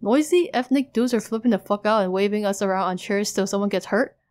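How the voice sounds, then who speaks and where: A brash teenage boy from a webcomic spins crude, rambling boasts in a chat log. A woman reads him aloud in a flat, plain delivery, with little change from her own voice. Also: medium pitch, brisk, lightly acted. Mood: boastful. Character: cocky teen boy rapping in chat.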